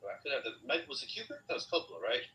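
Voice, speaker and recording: A man talks fast in casual chat and fires off curious questions. His voice has a very bright, sharp edge. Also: mid-range voice, big pitch swings, recorded from a distance, slight background noise, rough recording. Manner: quick, curious, asks questions.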